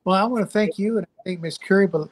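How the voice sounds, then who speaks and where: A man's voice: high voice, quick pace, rough recording. An older man with a Louisiana Southern accent, a physician guest talking folksy and preachy in a live online chat over a video call.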